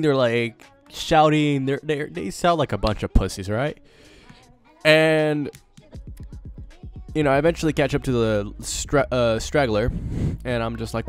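A man's voice: mid-range voice, a little slow, clear, resonant tone, faint music behind. Young man rambling through a story. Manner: rambling, profane, lots of fillers. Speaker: vlogger. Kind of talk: casual storytelling.

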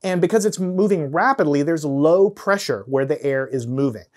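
A man's voice: fairly high pitch, animated, moderate pace. A man teaching physics, explaining hands-on demonstrations step by step and counting down before each one. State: out of breath at times from blowing. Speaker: science teacher.

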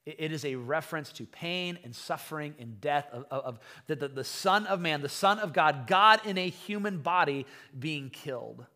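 A man preaching a conversational sermon as pastor, retelling a story in an animated way with frequent restarts. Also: fairly high pitch, normal speed.

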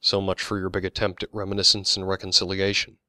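A man's voice: sits low, monotone, fast, sharp tone, dry recording. A man voicing a sneering young man who answers with sarcasm. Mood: sarcastic. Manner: snorting, sarcastic.

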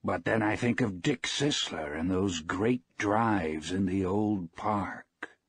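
A man reading the dialogue of a poor, gentle old fisherman in a calm, plain audiobook style. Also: low voice, slow pace, slightly rough, no room sound, pitched above the performer's own voice, heavily acted.

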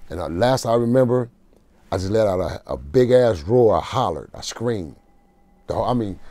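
A man tells a raw story from his time in jail, speaking street slang with a dark, mellow tone. He sits close to a dry, deadened mic. His voice sinks low and quiet through the heavy moments. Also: dry recording. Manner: street slang, emotional prison storytelling, drops to a low murmur. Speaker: interview guest. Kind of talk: storytelling in a casual interview.

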